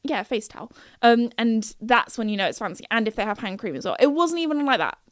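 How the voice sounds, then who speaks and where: A woman's voice: fairly high pitch, expressive, a little fast, no echo, studio quality. A young British woman hosting a podcast, chatting casually and rambling with lots of self-corrections and giggles. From United Kingdom. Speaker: podcast host. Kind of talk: casual solo chat.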